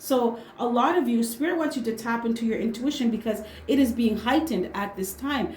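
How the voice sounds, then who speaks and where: A woman with a fairly high voice does a casual tarot reading, talking bluntly in slang and swearing without a second thought. She drives each point home with a quick "right?" or "okay?". The sound is roomy, with a noticeable echo off the walls. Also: darkish tone, slight background noise. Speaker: tarot reader.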